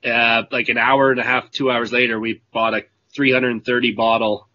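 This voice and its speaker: A man's voice: mid-range voice, little pitch movement, moderate pace, pushed and bright, lo-fi sound. A man telling a story in casual chat on a video call, rambling and correcting himself as he talks. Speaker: whisky club member.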